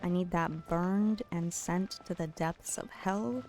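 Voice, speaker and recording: Giggly woman with a mellow, lowish voice. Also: takes it slowly, faint music behind. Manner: playful, giggly, teasing; drops to a hushed late-night voice at times. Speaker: game streamer. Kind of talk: casual chat with live viewers.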